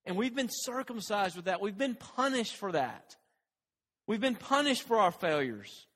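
Male pastor, higher-pitched, preaching in a loose, conversational way, recorded in a big echoing hall. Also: sing-song, unhurried, fairly bright tone. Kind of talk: sermon.

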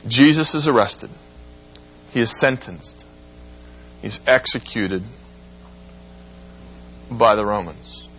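A man teaching a Bible class, lecturing in a lively way and acting out quoted lines. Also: slow, pauses often, dull audio, a little hiss or hum. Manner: animated, acts out quotes with rising pitch.

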